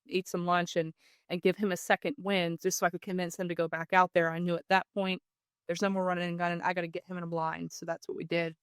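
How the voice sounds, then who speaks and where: A woman, a podcast guest telling a hunting story in a casual, animated way. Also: fairly low pitch, clean tone, dry recording.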